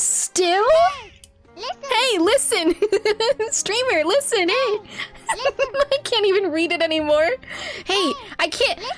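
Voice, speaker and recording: A woman's voice: very high-pitched, a little slow, long pauses, over music. A woman streaming a game live, laughing often and talking to her chat while reading out game lines. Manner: giggly, animated, reads out game lines.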